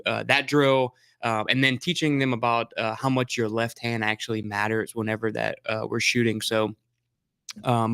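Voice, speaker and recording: A man with a bright, crisp voice chats about teaching new shooters, hesitating often and restarting his sentences. The recording is dry and close to the mic. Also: medium pitch, no echo. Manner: chatty, hesitant, full of fillers and restarts. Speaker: firearms instructor. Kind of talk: casual explanatory chat.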